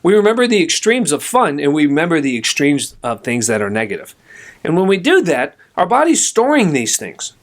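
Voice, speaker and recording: Animated, slightly high-voiced male podcast host. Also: fairly quick. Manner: animated, conversational, talks straight to listener. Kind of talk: storytelling monologue.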